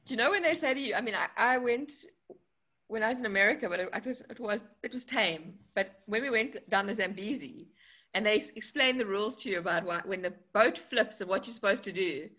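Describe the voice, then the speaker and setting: A woman's voice: mid-range voice, brisk. A woman hosting a casual interview, asking playful, joking questions. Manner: lively, playful, jokey questions. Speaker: podcast host. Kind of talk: casual chat. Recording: slightly dull lo-fi sound.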